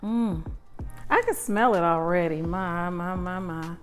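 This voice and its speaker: A woman's voice: on the low side, soft background music. A woman vlogger chatting casually at home while unboxing, gushing with lingering "mm"s as she stops to smell. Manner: gushing, breathy pauses to smell. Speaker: lifestyle vlogger.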